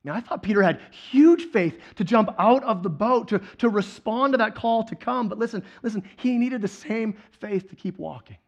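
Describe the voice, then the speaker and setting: A male guest preacher delivering a sermon, telling the story with animated swings between loud excitement and quiet intensity. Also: sits high, normal speed, creaky, hardly any pauses, highs cut off.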